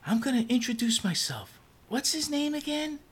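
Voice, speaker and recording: Bright, nosy coworker lady, loud stage whisper, high and lively, as a man plays her. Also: normal speed, slightly rough, exaggerated voice. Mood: chirpy. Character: bubbly gossipy female office coworker.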